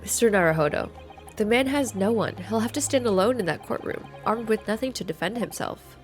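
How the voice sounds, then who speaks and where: Woman reading as a calm loyal young assistant girl, gentle, faint music behind. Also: medium pitch, fairly quick, lightly acted. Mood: earnest. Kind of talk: video game voice-over playthrough.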